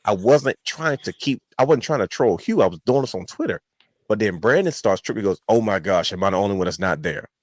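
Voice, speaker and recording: A man's voice: fairly low pitch, expressive, brisk, no room sound. Long-winded man telling a story. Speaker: podcast co-host. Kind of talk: casual chat.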